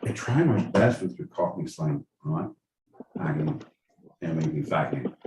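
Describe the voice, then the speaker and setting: A man's voice: very deep voice, expressive, a little slow. A man co-hosting a podcast, making dry, wry asides in casual banter. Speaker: podcast co-host. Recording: roomy, distant mic with faint noise.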